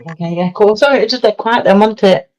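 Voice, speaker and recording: A woman's voice: mid-range voice, fast talker, a little mellow. A woman hosting a group live call, jokey and laughing, swearing now and then. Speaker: host. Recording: muffled call audio.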